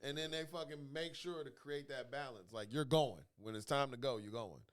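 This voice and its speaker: A man's voice: medium pitch, moderate pace. A man co-hosting a casual podcast, riffing comedically with profanity, frequent laughter and acted-out quotes. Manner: animated, profane, laughs often, acts out quotes. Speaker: podcast co-host.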